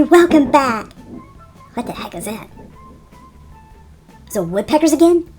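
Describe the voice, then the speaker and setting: A woman's voice: high-pitched, very animated, measured pace, warm tone. Laughing woman vlogger joking through her makeup, faint music underneath. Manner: giggly, joking, self-teasing. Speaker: beauty vlogger. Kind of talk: casual makeup vlog.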